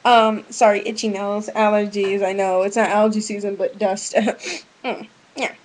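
A woman's voice: medium pitch, flat delivery, normal speed, background noise. A young woman giving casual relationship advice into a webcam, rambling, frank and full of restarts.

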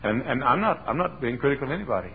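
A man preaching a sermon from his pulpit, telling a story and building to shouted fervor. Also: medium pitch, animated, racing, slightly rough. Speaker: pastor. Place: church sanctuary. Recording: tinny phone-like old sermon tape.

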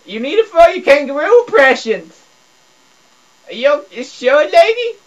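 A man's voice: big pitch swings, a little slow. A man doing comedic gameplay commentary, stammering and repeating words in dopey broken grammar, dropping to a mumble and then jumping up to a squeal. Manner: swings between mumbling low and squealing high. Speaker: gameplay video creator. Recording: dull lo-fi recording.

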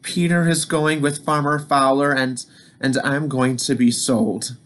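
A man's voice: medium pitch, fairly even intonation, a little slow, fairly bright tone, close to an everyday voice. A man voicing an anxious male farm tractor in a children's storybook, worried and stammering. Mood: dejected.

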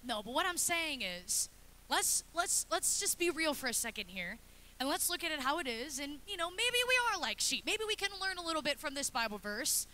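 A woman in her thirties preaching a lively, chatty sermon in a church, acting out little scenes as she goes. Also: high voice, moderate pace, a little hiss or hum. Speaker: pastor's wife preaching. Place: church sanctuary.

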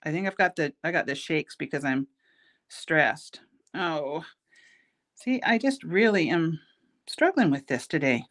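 A woman's voice: sits low, expressive, a little slow, pauses often, fairly bright tone. Chatty middle-aged woman teaching beading. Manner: chatty, self-mocking, laughs at her own jokes. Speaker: host, bead shop owner teaching a craft. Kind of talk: casual craft tutorial with chatty asides.

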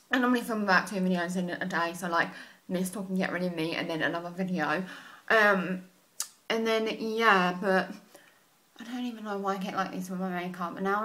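A woman's voice: medium pitch, a bit bright. A young woman, rambling casually to camera as a beauty vlogger, full of "like" fillers, at home in her bedroom.

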